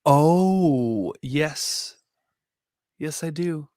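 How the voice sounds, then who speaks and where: A man co-hosting a podcast, talking casually about a film in relaxed back-and-forth. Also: fairly high pitch, dry recording, clean studio sound. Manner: relaxed, agreeable, quick back-and-forth replies. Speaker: podcast co-host.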